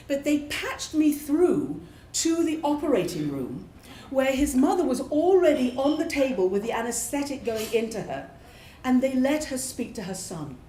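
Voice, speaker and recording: A woman's voice: a little high, slight background noise. A British woman and former prison chaplain, telling a true personal story expressively at a live show. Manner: animated, expressive. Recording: echoey room from a live show.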